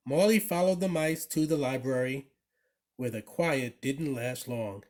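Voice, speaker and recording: A man reading a children's picture book aloud, with expressive, animated storytelling. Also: medium pitch, unhurried. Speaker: storybook reader.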